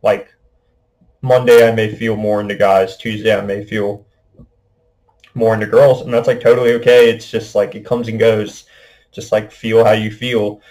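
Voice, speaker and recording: A man's voice: lowish voice, flat delivery, normal speed, a little mellow, poor audio. A young man hosting a casual monologue podcast, rambling with lots of fillers. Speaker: podcast host.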